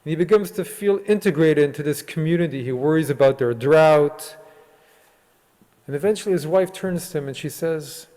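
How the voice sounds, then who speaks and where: A male rabbi giving a sermon in a synagogue sanctuary, retelling a story and voicing its dialogue. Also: fairly high pitch. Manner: retells a story with quoted dialogue, lively and unhurried. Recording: long hall reverb.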